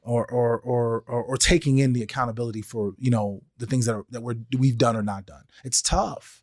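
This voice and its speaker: A male podcast host delivers a solo monologue in a steady, medium-pitched voice at a fairly quick pace, conversationally sharing thoughts and playing out quoted exchanges in changing voices. It's studio quality with no room sound.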